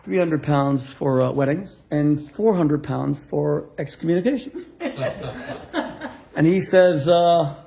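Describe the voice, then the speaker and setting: A man's voice: on the high side, expressive, takes it slowly, vocal fry, mellow. A middle-aged male rabbi telling a story in a sermon, acting out both sides of a conversation and landing punchlines. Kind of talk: storytelling sermon to a live audience.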